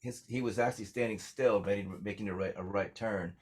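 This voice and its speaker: A man's voice: lowish voice, steady tone, fairly quick, slightly rough. A man telling stories as a songwriter guest in a casual interview, rambling with lots of fillers.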